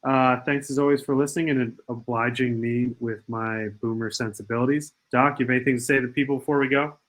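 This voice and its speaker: A man's voice: mid-range voice, fairly even intonation, poor audio. A young man hosting a sports podcast, reeling off football betting picks and stats emphatically. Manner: rapid stat-heavy picks, emphatic. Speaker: podcast host.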